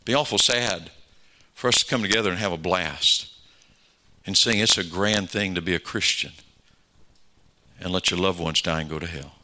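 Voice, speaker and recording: A man's voice: low voice, moderate pace, pauses often, sharp tone. A pastor in his sixties, preaching a sermon and telling stories with acted-out dialogue, building to fervent exhortation.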